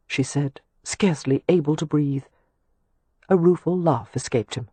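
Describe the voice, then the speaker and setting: A woman reads an audiobook with measured, steady storytelling. Her voice is soft and a little husky, recorded close and dry with no room around it. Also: low-pitched, no echo. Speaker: audiobook narrator. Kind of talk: scripted audiobook narration.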